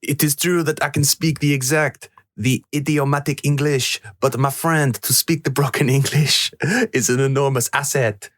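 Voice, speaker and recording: A man's voice: medium pitch, steady tone, normal speed, a bit bright, dry recording, studio quality, voice pushed up, lightly acted. A man putting on an exaggerated, hammy mock French-Belgian accent to voice a vain, fussy foreign detective. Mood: pompous.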